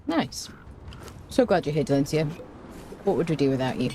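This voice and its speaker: Woman game streamer, chatty and playful, warm lowish voice with lots of lilt, hums as she plays. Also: sing-song, normal speed, a little hiss or hum. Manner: chatty, playful, hums and scats while playing; talks to chat, greets viewers. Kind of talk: casual gameplay commentary.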